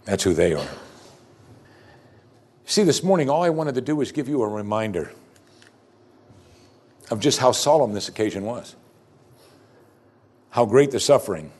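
A man's voice: medium pitch, very animated, normal speed, pauses often, a little mellow, slightly rough. A man preaching a sermon as pastor, earnest and emphatic, repeating key phrases and breaking into conversational asides between scripture readings.

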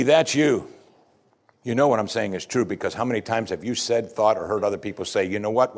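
A man preaching a sermon as pastor, emphatic, swinging between loud lines and hushed ones. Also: fairly low pitch, creaky.

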